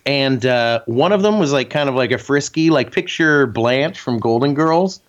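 A man's voice: mid-range voice, normal speed. A man co-hosting a podcast, telling crude comic stories and jumping into voices for the people he quotes. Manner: animated storyteller, does voices in quotes. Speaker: podcast co-host. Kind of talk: crude comedic banter. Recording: muffled lo-fi podcast audio.

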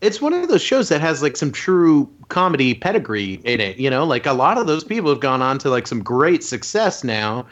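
A man in casual podcast chat, animated and joking. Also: on the high side, moderate pace, few pauses, muffled recording.

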